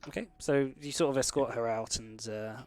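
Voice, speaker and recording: A man's voice: medium pitch, moderate pace, soft background music. A man narrating a tabletop game as game master, wandering through fillers and restarts. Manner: rambling, full of fillers and restarts.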